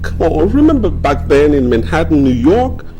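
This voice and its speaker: A volatile, possessive husband. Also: male voice, a little high, very animated, normal speed. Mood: pleading. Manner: swings from pleading to shouting. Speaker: film actor. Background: music.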